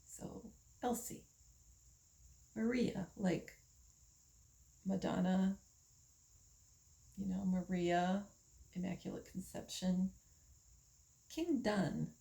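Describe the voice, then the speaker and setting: An older woman from the United States, talking slowly in a casual monologue, musing with pauses and fillers. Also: mid-range voice, creaky, warm tone, rough recording. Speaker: vlogger.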